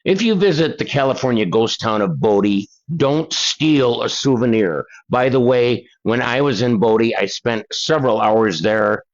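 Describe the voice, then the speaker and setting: A man's voice: medium pitch, animated, normal speed, few pauses, dull audio. An older man hosting a paranormal channel, reading letters aloud with chatty asides to his viewers. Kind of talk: casual reading of letters and articles.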